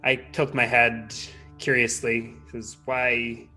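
Stammering male player, bright voice. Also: medium pitch, flat delivery, slow, faint music behind. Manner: hesitant, stammering, laughs often. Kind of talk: playing a character in a tabletop game.

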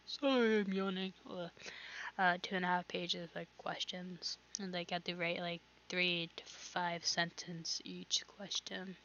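A woman's voice: lowish voice, flat delivery, unhurried, sharp tone, dull audio, a little hiss or hum. A teenage girl hosting her own podcast, chatting casually and rambling with lots of fillers and restarts. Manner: rambling, filler-heavy, self-interrupting. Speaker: podcast host. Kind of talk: casual solo podcast chat.

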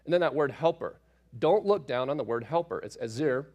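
An adult man, a father, teaches through a Bible passage in a mid-range voice at a slightly fast pace. His explanation is relaxed and conversational, sprinkled with asides and fillers.

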